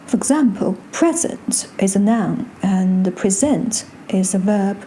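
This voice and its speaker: A woman gives a scripted pronunciation lesson, speaking slowly and deliberately. Her voice is soft and mellow, with a faint hum of room noise behind it. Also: medium pitch, steady tone. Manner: slow, careful delivery with drawn-out tone demonstrations. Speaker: Mandarin teacher and channel host.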